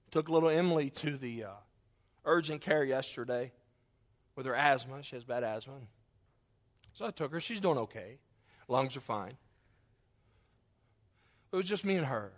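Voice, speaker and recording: A man preaching a sermon and telling a family story in a folksy way, moving between loud emphasis and quiet, hushed lines. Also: medium pitch, lively intonation, normal speed, pauses often. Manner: acts out quotes in his story. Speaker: pastor.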